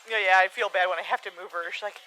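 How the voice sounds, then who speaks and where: A woman's voice: medium pitch, fairly even intonation, very fast, pushed and bright, slight background noise, rough recording. A woman chatting casually, swearing and laughing while streaming a game. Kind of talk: casual gaming stream chat.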